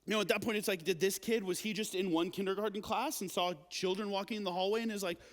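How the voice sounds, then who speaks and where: A young man with a high, light voice gives a youth sermon in a big hall whose long reverb trails after every phrase. He talks casually and animatedly, full of filler words, like a storyteller chatting with teenagers. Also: steady tone, fast. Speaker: youth pastor.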